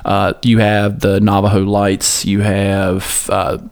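A man hosting a podcast in casual chat, profane and animated, often laughing. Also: on the low side, slow, clear, resonant tone. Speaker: podcast host.

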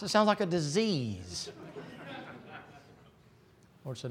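A middle-aged man preaching a folksy, joking sermon that climbs to loud, shouting peaks. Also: medium pitch, unhurried, gravelly, pauses often. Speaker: pastor.

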